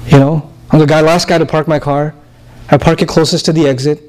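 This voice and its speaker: A man giving a conversational Quran lecture, lively and humorous, telling stories to draw his listeners in. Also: on the high side, a little fast, low-quality recording. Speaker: Quran teacher.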